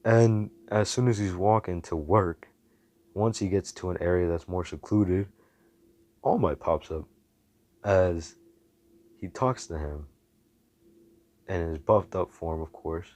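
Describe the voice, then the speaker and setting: A man's voice: low voice, takes it slowly, long pauses, a little mellow, no echo. A man telling a story in a casual, rambling way, full of slang and cursing.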